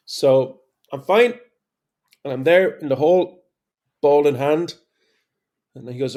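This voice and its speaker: A middle-aged man, a podcast guest, telling stories in a lively, animated way, full of restarts. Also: fairly high pitch, measured pace, pauses often. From Ireland. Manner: animated storytelling, many restarts. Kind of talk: casual podcast conversation.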